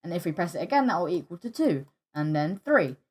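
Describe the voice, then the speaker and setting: A young woman hosting a coding tutorial, hesitant and stumbling, often pausing with fillers and apologizing. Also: lowish voice, sing-song, darkish tone, husky. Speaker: tutorial host. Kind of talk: screen-recorded coding tutorial.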